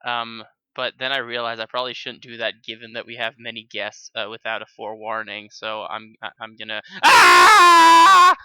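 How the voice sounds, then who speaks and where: A man co-hosting a podcast from home, talking in a halting way, thinking aloud with many restarts. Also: fairly low pitch, monotone, bright, forceful tone, smooth, no echo, poor audio. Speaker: podcast co-host. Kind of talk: casual podcast chat. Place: home, recording remotely.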